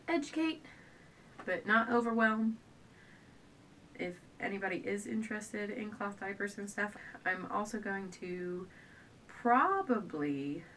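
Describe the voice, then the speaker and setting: A young pregnant woman talks casually to her camera at home, drifting from thought to thought and often short of breath. She sits a little back from the mic, with a faint low rumble behind her voice. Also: fairly bright tone, recorded from a distance, low-quality recording. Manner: rambling, chatty, trails off and restarts often. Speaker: stay-at-home mom vlogger. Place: at home indoors.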